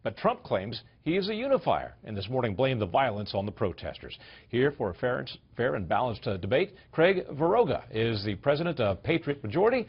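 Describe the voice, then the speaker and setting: A male cable news anchor asking brisk, pointed questions in a panel debate. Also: medium pitch, big pitch swings, slightly rough. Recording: dull broadcast audio.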